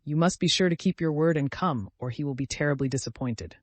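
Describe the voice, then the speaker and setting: A man reading the lines of an earnest, gentle young man who speaks emphatically. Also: fairly high pitch, a little fast, no room sound, close to an everyday voice.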